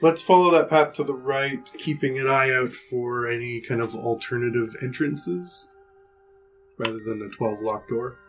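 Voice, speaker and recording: A man's voice: medium pitch, normal speed, soft background music. A man playing in a tabletop role-playing game, casually leading the group and joking. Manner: jokey, leading the party. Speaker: player. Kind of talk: casual play chat.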